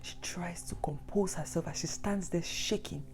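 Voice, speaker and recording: A woman's voice: lowish voice, moderate pace, a little mellow, whispered. A woman narrating a true story with dramatic, repetitive emphasis. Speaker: storyteller host.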